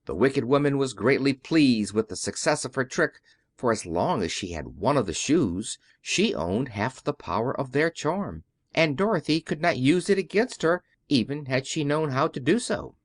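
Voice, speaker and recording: A man reading a classic children's story aloud as an audiobook narrator, in a measured storytelling way. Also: medium pitch, expressive, dry recording. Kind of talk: scripted narration.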